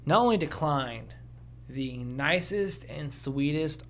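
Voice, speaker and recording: A man's voice: on the high side, slow, a little hiss or hum. A man co-hosting a podcast in casual, profane, ranting chat. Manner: animated, swearing, ranting. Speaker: podcast co-host.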